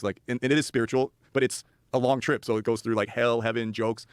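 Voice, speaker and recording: Fast-talking man rambling through a story. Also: mid-range voice, steady tone, smooth, no echo, studio quality. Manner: rambling, profane, laughing, with many restarts. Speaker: podcast guest. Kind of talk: casual storytelling chat.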